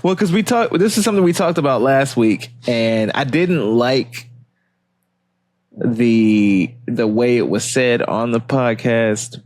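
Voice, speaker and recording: A man's voice: on the low side, a little mellow, dry recording. A man co-hosting a podcast, chatting casually, joking and swearing with frequent laughs. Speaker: podcast co-host. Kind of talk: casual chat.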